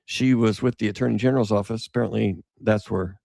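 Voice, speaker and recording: A man's voice: lowish voice, fairly even intonation, fast, vocal fry, dark tone, dry recording, studio quality. A male podcast host giving casual commentary, reading an article aloud with sarcastic, rambling asides.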